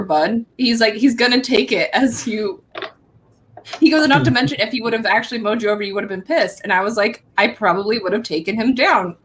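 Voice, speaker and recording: Chatty woman co-host, mid pitch. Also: slight background noise. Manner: chatty, animated retelling of conversations. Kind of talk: casual chat, storytelling.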